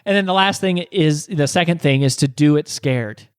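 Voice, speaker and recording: A man's voice: a little high, moderate pace, smooth, no echo, clean studio sound. A man hosting a podcast, telling a motivational story earnestly, with frequent restarts and rhetorical questions. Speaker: podcast host.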